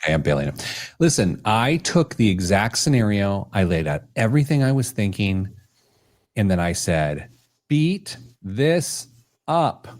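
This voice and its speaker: A male podcast host in casual studio chat. His pitch swings widely as he thinks aloud, with a self-deprecating streak. He sounds lively and conversational. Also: moderate pace.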